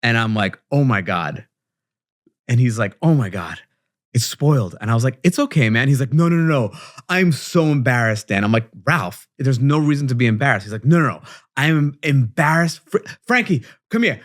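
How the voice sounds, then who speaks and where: Animated Long Island man telling stories. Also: medium pitch, fairly quick. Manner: animated storyteller acting out quotes. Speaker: podcast co-host. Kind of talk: casual chat.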